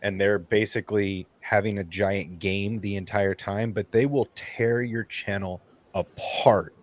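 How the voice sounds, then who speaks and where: A man hosting a casual group livestream chat, talking in an animated way and acting out his own nervous thoughts. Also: fairly low pitch, measured pace, dry recording. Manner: animated, acts out nervous inner voices. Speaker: channel host.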